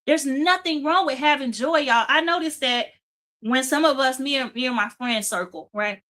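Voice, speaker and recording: A woman's voice: high voice, moderate pace, fairly bright tone. A woman hosting a faith-based motivational talk show, speaking emphatically and repeating phrases for emphasis. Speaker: host.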